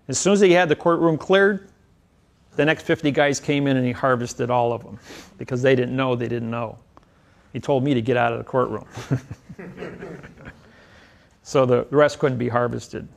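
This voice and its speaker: Gravelly man telling courtroom stories. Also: fairly high pitch. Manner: rambling anecdotal delivery with legal citations. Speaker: seminar speaker. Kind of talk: storytelling lecture.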